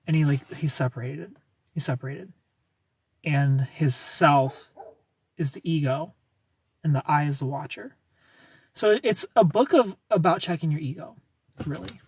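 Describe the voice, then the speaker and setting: A man's voice: a little high, moderate pace, husky, recorded from a distance. A man in his thirties hosting a casual livestream and answering viewers' comments, rambling, restarting sentences and chuckling often.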